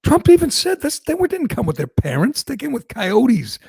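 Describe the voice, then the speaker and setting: Male talk host, animated and opinionated, gravelly with a dry studio sound. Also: extremely high pitch, moderate pace, no echo. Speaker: radio talk show host. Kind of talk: casual political talk.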